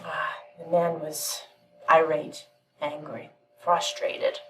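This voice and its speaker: A woman giving a channeled spiritual teaching, telling a parable in a calm, measured way with frequent pauses. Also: low-pitched, recorded from a distance, faint music behind, rough recording.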